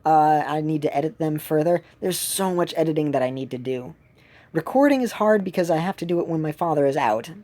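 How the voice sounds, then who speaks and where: A woman's voice: low voice, expressive, brisk, mellow. A woman giving rambling, casual commentary while streaming a mobile game from home, with many fillers and restarts.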